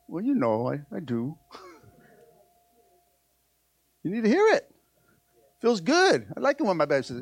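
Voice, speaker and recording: A man preaching a sermon, playful, calling on the congregation to answer, acting out quoted prayers and dialogue, and dropping to soft asides. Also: on the high side, sing-song, moderate pace, long pauses, no room sound. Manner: playful, call-and-response preaching. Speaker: pastor.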